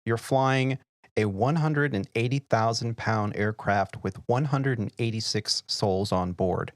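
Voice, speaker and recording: A middle-aged man hosting an aviation podcast, telling flight-deck stories in a lively, casual way. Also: fairly low pitch, measured pace, no echo, studio quality. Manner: animated storyteller, acts out quoted voices and laughs. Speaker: podcast host and airline pilot. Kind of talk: casual storytelling chat.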